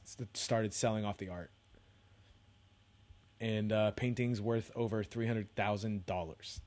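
Young male podcast host, slightly low voice, loose profane rambling delivery. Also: darkish tone. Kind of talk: casual solo podcast rant.

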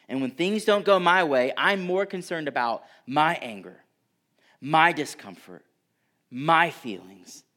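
A middle-aged male pastor preaching a sermon, swinging from loud emphatic lines to hushed, near-whispered ones. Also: a little high.

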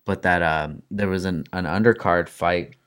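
A man hosting a relaxed podcast conversation. His voice sits a little low. He talks loosely, swears often and calls his guests dude and bro. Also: normal speed, clear, resonant tone. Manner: laid-back, swears freely, calls people dude and bro. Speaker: podcast host. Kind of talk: casual chat.

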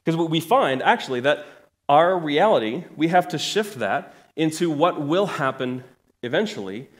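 A man's voice: on the high side, animated, moderate pace. A man in his thirties preaching a sermon to his church, conversational with joking asides and emphatic rises. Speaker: pastor.

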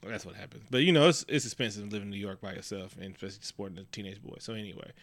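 A man's voice: fairly low pitch, racing, fairly bright tone, no echo. A young man co-hosting a casual movie recap, rambling and profane as he retells the plot. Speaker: podcast co-host.

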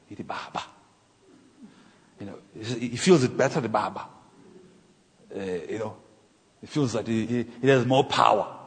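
A man preaching a sermon as a minister, animated, building up to emphatic points. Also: lowish voice, moderate pace, pauses often, slightly rough. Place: church hall. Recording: long hall reverb.

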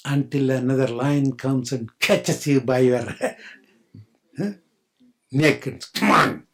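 A man's voice: mid-range voice, takes it slowly, vocal fry, fairly bright tone. An older man giving a spiritual talk as a playful story, laughing often and acting out the voices of the characters. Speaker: spiritual teacher. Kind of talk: storytelling sermon.

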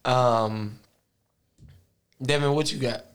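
Male co-host, easygoing and joking, mid-pitched everyday voice. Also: steady tone, slow pace, fairly bright tone. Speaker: podcast co-host. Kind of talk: casual chat.

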